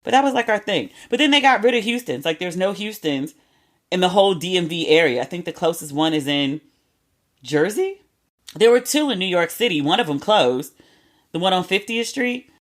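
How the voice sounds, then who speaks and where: A woman's voice: fairly low pitch, expressive, moderate pace. A woman hosting a podcast, telling stories in a casual, candid monologue with slang and the odd curse word. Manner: candid, chatty, with slang and cursing. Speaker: podcast host.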